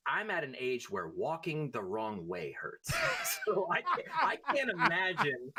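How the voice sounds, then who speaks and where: A man's voice: on the high side, heavy background noise. A young man, a musician and guest, chatting casually and reacting expressively. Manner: expressive, quick reactions and laughs. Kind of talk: casual chat.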